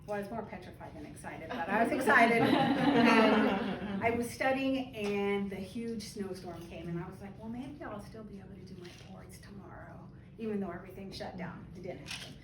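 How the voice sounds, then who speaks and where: A woman's voice: medium pitch, moderate pace. A woman who owns a beauty spa, telling a story in an informal talk to a small gathering at her open house, chatty and laughing now and then. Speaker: spa owner and esthetician. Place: room at an open house party. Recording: echoey room from far off, background chatter.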